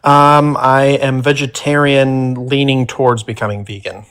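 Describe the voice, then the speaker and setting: Brief: male caller, mid-pitched, hesitant and polite, lots of ums. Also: flat delivery, unhurried, a bit bright, clear, resonant tone. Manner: hesitant, polite, many fillers. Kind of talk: polite question on a call-in stream.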